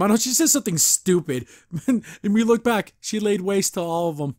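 Male podcast host, higher voice, dry close sound, sarcastic ranting recap. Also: lively intonation, moderate pace, a little mellow, no echo. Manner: exasperated, sarcastic, laughs often, mimics characters in mocking voices. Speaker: podcast host reviewing a cartoon episode. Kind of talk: casual recap and rant.

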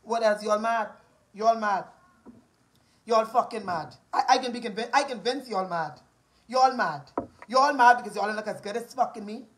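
A woman's voice: a little high, normal speed, rough recording. A Bahamian woman in her forties delivering a profane, combative rant, repeating her taunts over and over. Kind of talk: angry rant to camera.

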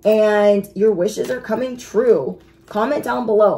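A woman giving a casual tarot reading, chatty and excitable, speaking straight to her viewers. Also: mid-range voice, unhurried, hardly any pauses, slight background noise. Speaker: tarot reader.

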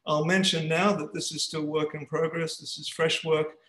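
A man gives a seminar talk over a video call, working through his points with plenty of restarts. His voice sits fairly high. The sound is roomy and echoey. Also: little pitch movement, normal speed, a bit bright. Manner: hesitant, with frequent restarts. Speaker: guest speaker. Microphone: computer mic on a video call.

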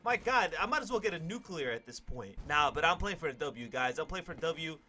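A young man commentating his own gameplay, cocky and hyped, swearing and yelling out suddenly. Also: a little high, lively intonation, brisk. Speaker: gaming YouTuber.

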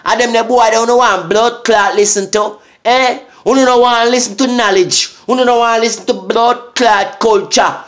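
A Jamaican man with a high voice rants to camera, heated and full of swearing. He keeps asking "eh?" to drive each point home. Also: fairly even intonation, moderate pace, few pauses, a bit bright. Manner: profane, heated, repeating "eh?". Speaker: vlogger. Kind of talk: angry rant.

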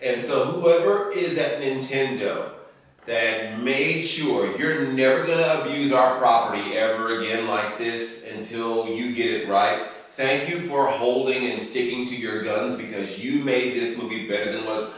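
A man's voice: mid-range voice, a little slow, fairly bright tone. Brief: emphatic, joking male podcast co-host, recorded far from the mic in a very roomy space. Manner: emphatic, jokey, slangy. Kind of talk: casual movie review chat. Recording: echoey room, mic at a distance.

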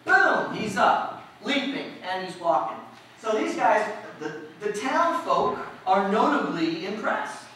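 A woman preacher giving a lively storytelling sermon, asking the congregation questions as she goes. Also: medium pitch, takes it slowly. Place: church. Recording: echoey hall, distant mic, faint noise.

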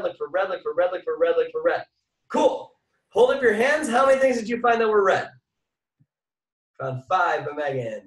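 A man giving an energetic motivational talk on a team video call, repeating phrases and asking his listeners questions. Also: mid-range voice, reverberant, distant mic, rough recording.

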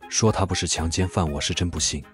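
A man with a deep, low voice narrates at a rapid clip, his tone wry and mocking. Faint music sits under his quick scripted commentary. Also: fairly even intonation. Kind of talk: fast scripted commentary voice-over.

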